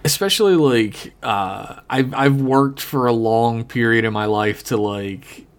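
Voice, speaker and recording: A man's voice: medium pitch, a little slow. A man with a Philadelphia accent, co-hosting a podcast in casual, dry, sarcastic chat. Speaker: podcast co-host.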